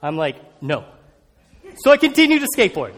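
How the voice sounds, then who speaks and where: A man telling a personal story as a sermon, animated and acting out scenes. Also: high-pitched, moderate pace, big-room sound.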